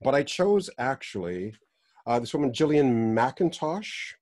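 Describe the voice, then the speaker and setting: A man co-hosting a podcast, talking in a laid-back, earnest, halting way. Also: mid-range voice, big pitch swings, darkish tone, dry recording, clean studio sound. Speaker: podcast co-host. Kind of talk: casual podcast banter.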